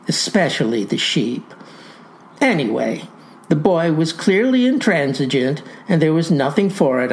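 A woman's voice: low voice, darkish tone, rough recording. A woman voicing a folksy old male farmer who tells a comic first-person story in ornate, pompous words with a folksy drawl.

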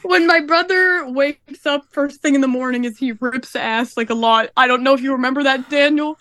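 Twenties woman co-host, bright high register, dry mic, loose rambling delivery. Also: normal speed, dry recording. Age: 20s. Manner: rambling, breezy storytelling. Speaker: podcast co-host. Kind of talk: casual chat.

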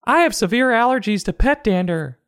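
A man's voice: high-pitched, expressive, brisk, a bit bright, clean tone, voice pushed up. A man putting on a prissy, indignant adult who complains about allergies in a comedy book review. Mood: whiny.

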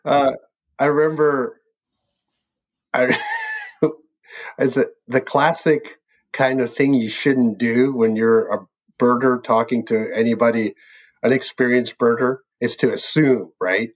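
A man's voice: mid-range voice, steady tone, slow pace, pauses often. A man, a birding tour leader, chatting casually and rambling through an old trip story, laughing often between phrases. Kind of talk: casual reminiscing chat. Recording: dull lo-fi sound.

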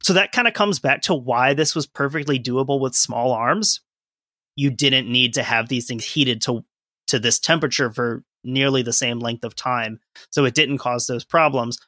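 A man with a bright, forceful voice co-hosts a casual history podcast. He explains events in a conversational way, dropping in asides as he reads from his sources. The recording is close and dry. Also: medium pitch, normal speed, dry recording. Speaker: podcast co-host.

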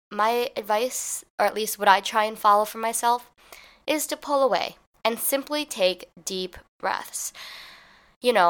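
Animated woman hosting a solo advice podcast. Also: medium pitch, clear, resonant tone. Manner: animated storytelling, acts out little scenes in quoted voices; casual, conversational, with "like" and "kinda". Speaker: podcast host.

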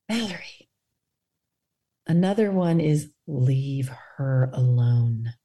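A woman guest on a faith podcast, speaking earnestly and guiding listeners through a quiet reflection. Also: fairly low pitch.

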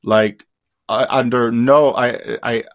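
This is an adult Indian-raised man giving personal testimony as a guest in an interview. His voice is mid-range and steady in tone, yet his delivery is halting, with many fillers and restarts, fading quietly at the ends.

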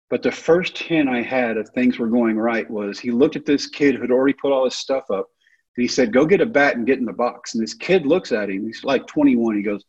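A man's voice: medium pitch, a little mellow, slightly rough, dull audio. A man, telling his life story and acting out the other people's lines. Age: 30s. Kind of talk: storytelling talk.

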